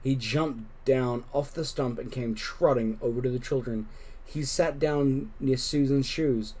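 A man reading a children's storybook aloud with gentle, expressive narration. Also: medium pitch, unhurried, breathy edge. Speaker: storybook reader. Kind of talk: children's book read-aloud.

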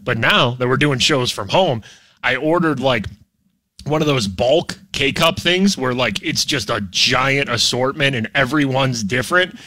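A man's voice: mid-range voice, measured pace, pushed and bright, dry recording. A man hosting a morning radio show from home, chatting casually and joking in mock promos while fighting a cough.

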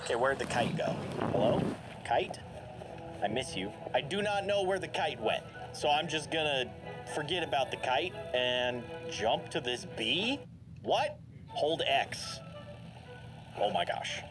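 Animated man commentating a video game. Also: medium pitch, unhurried. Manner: animated, jokey, reacts aloud and laughs often. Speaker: gameplay commentator. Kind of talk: let's play commentary. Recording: game music playing behind. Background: game music.

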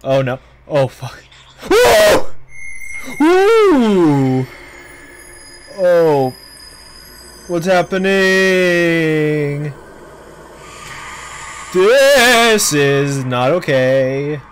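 A gamer who talks very slowly, with a voice that leaps and drops as scares hit, swearing in panic and laughing it off. Faint game ambience sits under the voice. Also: medium pitch, big pitch swings, slight background noise, low-quality recording. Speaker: gameplay streamer. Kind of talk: casual let's play commentary.

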